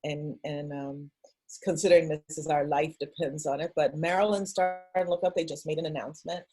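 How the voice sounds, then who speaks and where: Woman guest on a video call, deep husky voice, hesitant and rambling. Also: fairly even intonation, brisk, mellow. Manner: rambling, hesitant, many fillers. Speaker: guest speaker. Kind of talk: casual video-call chat.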